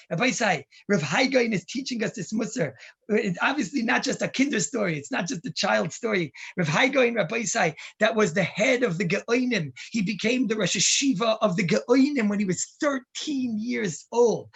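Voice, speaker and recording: A man, a rabbi, giving an animated and emphatic sermon that is full of asides. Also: sits high, vocal fry, husky. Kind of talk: sermon with storytelling.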